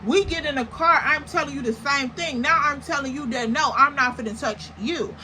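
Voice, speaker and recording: A young woman tells a storytime to camera. Her voice is bright and sits a little high. She talks in a slangy, animated way, piling up exaggerated comparisons, over a faint background hiss. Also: normal speed, low-quality recording. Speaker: storytime vlogger.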